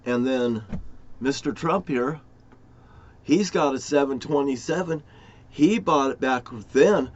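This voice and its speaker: A man rambling profanely to camera in a conspiratorial monologue, jumping from topic to topic with sudden loud outbursts. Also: medium pitch, slow, pauses often, muffled recording. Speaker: vlogger.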